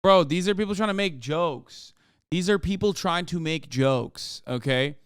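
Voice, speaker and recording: A man's voice: a little high, a little slow, clean tone, dry recording, studio quality. A man streaming casual commentary on clips, ranting in a profane, exasperated way. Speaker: streamer reacting to videos.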